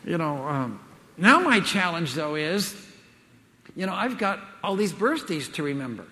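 Bright and forceful, this older man's voice sits on the high side with big pitch swings and an unhurried delivery. He's a speaker at a Christian event, giving a seminar talk to an audience in a large hall and telling jokes in a chuckling, folksy style full of fillers. Long reverb echoes through the hall.

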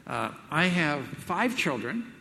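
In a large hall before an audience, an older man speaks at a Christian event, giving a seminar talk full of folksy jokes, chuckles, and fillers. His fairly high voice is sing-song and slow, bright and forceful, with vocal fry. The hall adds a long reverb to the recording.

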